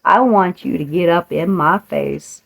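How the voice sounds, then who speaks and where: Brief: middle-aged woman host, low-pitched, playful pep talk with frequent laughs. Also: a little slow, creaky, fairly bright tone. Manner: playful, laughs often, slips into voices. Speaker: podcast host. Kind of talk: motivational monologue.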